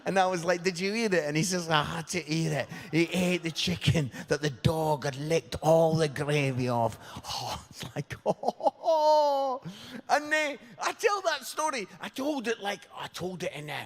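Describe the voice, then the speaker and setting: English man, humorous sermon, chatty, fairly high voice, echoing church hall. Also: sing-song, measured pace. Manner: jokey, chatty, asks the congregation questions. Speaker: preacher. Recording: long reverb of a church hall.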